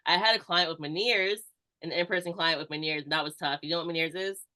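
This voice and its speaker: A woman strength coach talks through advice as a podcast guest, peppering her sentences with "like". Her tone is bright and forward, and her voice sits slightly low. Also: fast. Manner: explains steadily, heavy use of "like". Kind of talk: casual chat.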